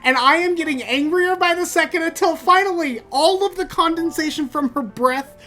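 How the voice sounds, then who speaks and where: A podcast host telling comic stories in an animated, jokey way. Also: male voice, normal speed, faint music behind. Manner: animated, jokey, rises in pitch when excited. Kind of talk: comic storytelling.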